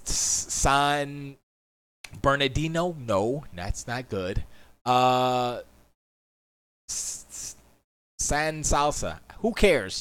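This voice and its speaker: A man rambles through casual stream chat from his home studio, opinionated and quick to mock what others say. His pitch swings lively up and down. The sound is close and dry, with no room around it. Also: clear, resonant tone, dry recording.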